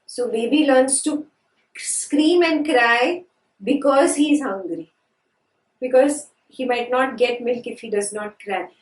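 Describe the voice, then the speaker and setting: This spiritual teacher speaks slowly in a somewhat high voice as she teaches scripture, asking her class questions and going back over important phrases. The recording comes from afar in a room full of echo.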